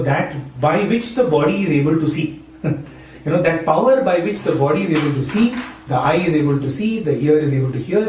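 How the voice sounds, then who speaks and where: A man's voice: on the high side, darkish tone. A man from Maharashtra gives an informal devotional talk, often checking in with "right?" and "you know". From Maharashtra, India. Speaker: spiritual speaker and university teacher. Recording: echoey room, voice from far off.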